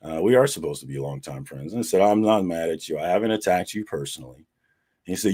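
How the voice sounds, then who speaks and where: A man hosting a casual online show, retelling an argument with a friend in a profane, animated way and quoting both sides. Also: deep voice, fast talker, husky. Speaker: host. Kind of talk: casual livestream storytelling.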